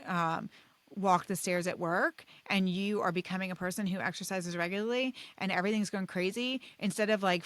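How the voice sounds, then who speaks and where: A woman doctor talks straight to her listeners in a loose, encouraging coaching style, dropping "like" and "okay?" every few phrases. Her voice sits in an ordinary middle pitch. The recording is dry and close, with no room sound. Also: fairly bright tone, no echo. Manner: encouraging, chatty, many fillers like "like" and "okay?". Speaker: podcast host and weight loss doctor. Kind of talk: casual solo podcast coaching talk.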